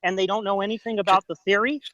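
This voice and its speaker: This man's voice sits high and a bit bright, level in tone and fast, lo-fi but free of room sound. He's a debater defending a theory in a heated exchange, pressing his opponent with pointed, insistent questions and hammering his points with repeated "right?"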